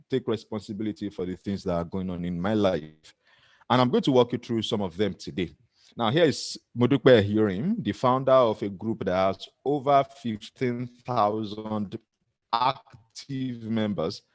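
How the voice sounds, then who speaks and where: Speaking to camera with a Nigerian accent, a middle-aged motivational speaker delivers a sincere talk and often chuckles at his own expense. His voice is lowish and the recording is dry.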